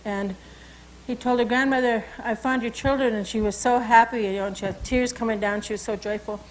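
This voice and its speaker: A woman who is a tribal cultural educator, telling a traditional story and teaching words and signs in an unhurried, conversational way with frequent asides. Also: medium pitch, fairly even intonation, slight background noise, low-quality recording. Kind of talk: oral storytelling and language lesson.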